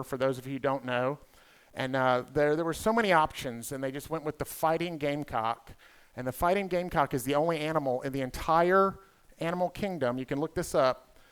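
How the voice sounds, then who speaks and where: A man in his fifties with a Southern US accent, emceeing a conference as a comedian with quick, playful crowd work. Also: medium pitch, clean tone. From South Carolina. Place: conference hall stage.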